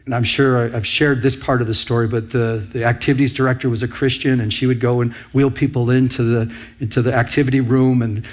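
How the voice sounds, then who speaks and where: A man preaching with a husky, slightly breathy voice at a middling pitch. He builds his points through repetition and rhetorical questions, earnest and steady. He sounds like a pastor addressing a congregation. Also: a little fast. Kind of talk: sermon.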